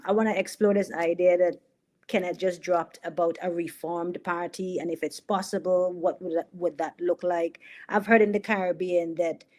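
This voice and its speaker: Fairly low in pitch with a darkish tone, this middle-aged woman runs a political commentary livestream. Her delivery mocks and needles, drives points in by repeating them emphatically, and breaks into laughter at her own jokes.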